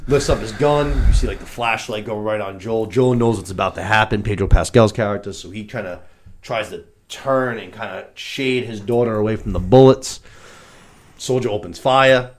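A man in his thirties hosting a podcast, recapping a scene in a casual, profane, animated way. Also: lowish voice, normal speed. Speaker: podcast host. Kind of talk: casual chat.

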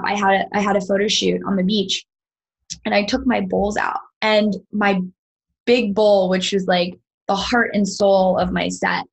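A woman's voice: mid-range voice, breathy edge, low-quality recording. A woman guest on a podcast, earnestly telling a personal story and acting out quoted dialogue. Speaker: podcast guest, sound healer.

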